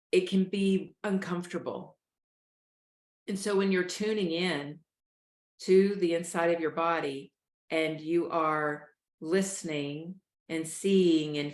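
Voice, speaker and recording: A woman hosting a show, calmly coaching listeners through a breathing exercise. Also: low voice, reverberant. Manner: calm, coaching, addresses listeners as "y'all". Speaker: host, life coach. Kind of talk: guided breathing instruction.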